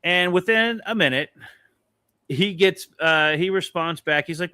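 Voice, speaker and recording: A man's voice: on the high side, measured pace, clean tone, dry recording. A man co-hosting a casual talk show, telling a long story with a lot of swearing. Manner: animated, swearing, rambling anecdote. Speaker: podcast co-host.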